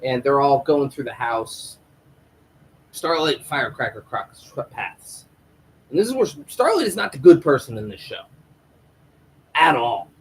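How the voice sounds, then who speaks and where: A man recapping a TV episode in a casual, animated way, swearing a lot and acting out the characters' lines. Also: mid-range voice, unhurried, long pauses, a little hiss or hum, low-quality recording. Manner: animated, profane storytelling with acted-out quotes. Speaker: show reviewer.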